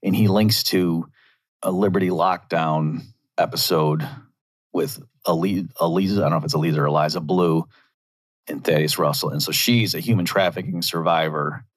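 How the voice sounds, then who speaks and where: A man's voice: extremely low pitch, fairly even intonation, normal speed. A man talking through a commentary monologue, arguing his point with rhetorical asides.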